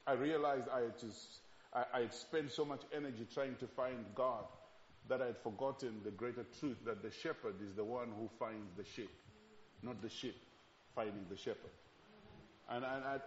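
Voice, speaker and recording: Impassioned preacher in an echoey hall. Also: male voice, medium pitch, steady tone, normal speed, slight background noise. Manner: impassioned, swings from loud pleading to hushed reflection. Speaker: pastor. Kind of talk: sermon. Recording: echoey hall, dull lo-fi sound.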